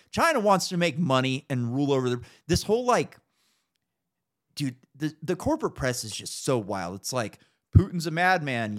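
A young man hosting a podcast, ranting casually about politics with lots of swearing and mocking impressions. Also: medium pitch. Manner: profane, animated, mocking impressions. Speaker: podcast host.

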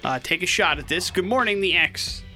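Bright-voiced energetic morning radio host. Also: male voice, high voice, normal speed, faint music behind. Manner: energetic, joking, talks listeners through a contest. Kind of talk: casual radio banter.

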